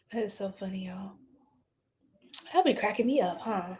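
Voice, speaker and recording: A woman's voice: mid-range voice, a little mellow. A woman with an American lilt hosting a tarot livestream, chatting casually with her viewers, laughing often and swearing freely. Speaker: tarot reader livestream host.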